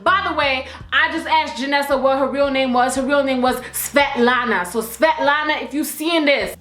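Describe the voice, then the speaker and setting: A young woman telling a storytime vlog in an animated, slangy, profane way. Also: sits high, normal speed. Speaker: vlogger. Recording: roomy echo, faint music.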